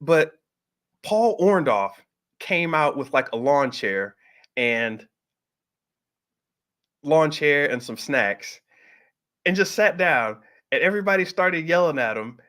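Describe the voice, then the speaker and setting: A middle-aged man telling a personal story in a casual, animated way, jumping up in pitch when he acts out what people said. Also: slow, long pauses. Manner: animated, acts out quoted voices with pitch jumps. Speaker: host.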